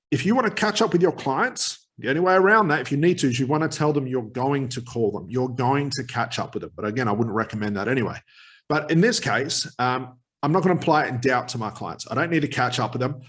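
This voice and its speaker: A man with a slightly raised voice teaches hypnotherapy practice, talking straight to the viewer. He stresses his points and briefly plays out client exchanges. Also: a little high. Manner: emphatic, acts out short quoted exchanges with clients. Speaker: hypnotherapy trainer. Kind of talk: direct-to-camera teaching talk.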